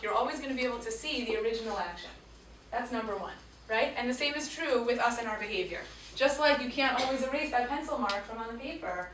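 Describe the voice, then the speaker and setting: A woman in her thirties, a teacher telling a lively personal story to a school audience, acting out voices and dropping to quiet tones. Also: a little high, a little hiss or hum. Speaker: teacher speaking to students. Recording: echoey room picked up from far off.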